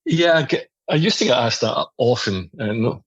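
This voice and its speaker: A man's voice: mid-range voice, lively intonation, normal speed, slightly rough, no echo, dull audio. A middle-aged man with a mixed Glaswegian and Edinburgh Scottish accent, talking casually as an interview guest with many hesitations. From Glasgow, Scotland. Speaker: guest, company CEO.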